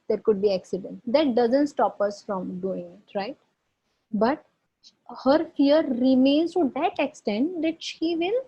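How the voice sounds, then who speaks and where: Husky-voiced woman teaching a case. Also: on the high side. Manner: explanatory, checks in with listeners. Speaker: homeopathy lecturer. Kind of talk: online case presentation lecture. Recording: dull lo-fi audio.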